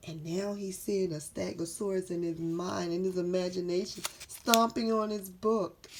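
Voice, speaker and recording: A woman reading a picture book aloud to children, slowly and encouragingly, asking them questions. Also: on the low side, fairly even intonation, a little hiss or hum. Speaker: storybook reader.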